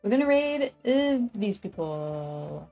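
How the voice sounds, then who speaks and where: A woman's voice: medium pitch, sing-song, slow, dark tone, faint music behind. A woman hosting a live stream, chatting casually and laughing often as she signs off. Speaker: stream host. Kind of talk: casual stream sign-off chat.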